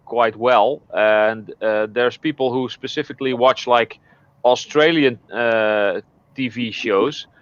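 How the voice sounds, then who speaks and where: A man's voice: mid-range voice, slow pace, no room sound, lo-fi sound. A man chatting casually, telling a story hesitantly with many fillers. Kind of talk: casual chat.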